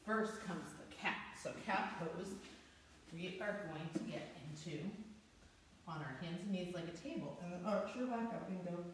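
A woman leading a children's story-based yoga class at home, telling the tale gently and calling out poses. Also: fairly low pitch, slight background noise. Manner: slow, gentle, storytelling with cues and sound effects. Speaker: kids yoga teacher. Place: room at home with a dog. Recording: echoey room from far off.

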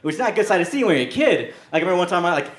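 A young man doing a stand-up comedy set, telling deadpan stories and breaking into brief put-on voices. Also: high voice, very fast. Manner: deadpan storytelling with brief shouted character bits. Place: comedy club stage. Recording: echoey club with loud crowd.

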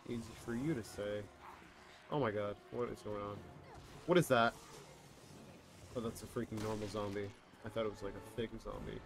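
A man's voice: on the low side, steady tone, moderate pace, gravelly, long pauses, noisy background. A young man streaming a co-op game live, reacting in exasperation to his partner and reading his chat. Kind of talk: live gameplay commentary.

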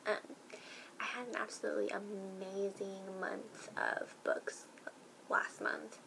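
A young woman excitedly chatting in a casual vlog, gushing about things she loves with lots of fillers. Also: medium pitch, slow, gravelly, whispered, poor audio. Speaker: book vlogger.

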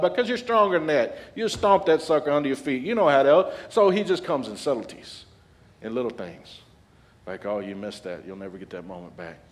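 A man in his forties preaching a sermon as a guest speaker, animated and humorous, building to loud peaks. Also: mid-range voice. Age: 40s.

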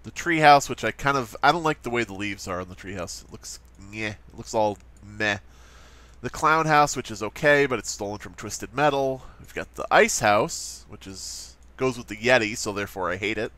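Talking a little fast and hardly pausing, a man with a medium-pitched, sharp-toned voice gives sarcastic, playful let's play commentary. As a gaming commentator, he jokes and speaks straight to his viewers while playing.

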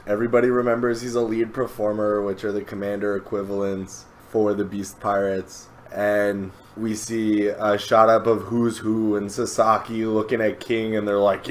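A man co-hosting a podcast, recapping a comic chapter in a casual, animated way. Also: on the low side, normal speed, hardly any pauses, slight background noise. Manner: animated, acts out quotes. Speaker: podcast co-host.

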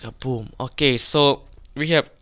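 Young male let's-player, easily startled, curses and stammers, slow, bright tone. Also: mid-range voice. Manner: jumpy, swears often, stammers when startled. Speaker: let's play gamer. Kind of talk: casual gameplay commentary.

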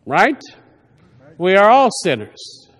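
A priest with a high, light voice delivers a homily, speaking plainly and often stopping to restart a thought. His words ring out with the long reverb of a church. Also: wildly swooping pitch, fairly bright tone. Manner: conversational, halting with frequent restarts.

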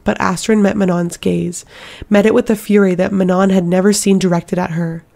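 A woman narrates a fantasy audiobook at a steady, dramatic pace. Her voice has a noticeable gravelly fry. The delivery is measured and even. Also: mid-range voice.

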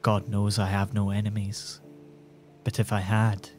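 An older father speaks with a trembling voice, deeply moved and forgiving, as a man voices him while reading. The tone stays low and slow. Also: monotone, faint music behind, close to an everyday voice.

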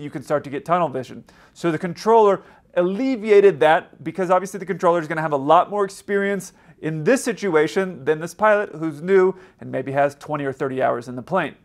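A man hosting a video, explaining radio recordings in a chatty, teaching manner. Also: fairly high pitch. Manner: explanatory, conversational. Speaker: aviation video host.

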